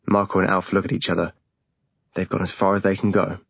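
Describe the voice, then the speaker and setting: A man narrating an audiobook in a steady, plain storytelling manner. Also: sits low, fast talker, gravelly, no room sound. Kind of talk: scripted narration. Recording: dull dry lo-fi recording.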